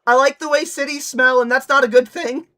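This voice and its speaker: A young woman streamer from Nevada chats casually and rants, swearing freely as she mocks. Her voice sits high and carries a bright, sharp edge. She talks in a loose, joking stream style. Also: fairly even intonation, brisk. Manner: profane, ranting, mocking.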